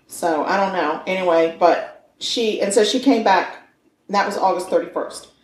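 A woman's voice: fairly low pitch, moderate pace, roomy sound, rough recording. A middle-aged woman co-hosting a podcast, chatting casually and telling a true-crime story with a playful, joking manner. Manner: playful, jokey, teasing. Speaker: podcast co-host.

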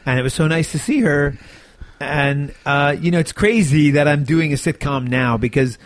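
A man with a slightly high voice talks animatedly about his work in an interview and sounds tired. The sound is dry and close, with no room echo. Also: normal speed. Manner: animated, chatty storyteller. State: tired, yawning. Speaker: actor and sitcom co-creator. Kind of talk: casual interview talk.

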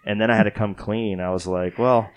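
Here a podcast host from Texas speaks fairly quickly in a smooth, fairly low voice with a level tone. Tired after staying up late, he chats casually, wandering off topic and poking fun at himself.

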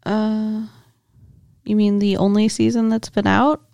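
A woman's voice: medium pitch, level tone, a little slow, vocal fry, dark tone, no room sound, clean studio sound. A woman co-hosting a casual podcast chat, teasing and wry. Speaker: podcast co-host.

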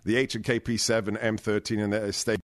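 A man's voice: lowish voice, level tone, quick pace, no echo. A man hosting a radio show on a studio microphone, chatting casually about movies and reading ads with playful theatrical flair. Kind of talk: casual movie chat and live ad read.

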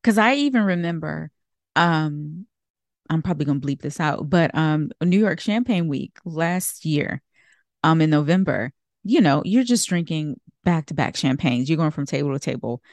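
A woman with a slightly low voice hosts a podcast, chatting casually and laughing easily. Her voice is recorded close and dry, with no room sound around it. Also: expressive, moderate pace, dry recording. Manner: chatty, laughs often, asks questions. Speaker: podcast host.

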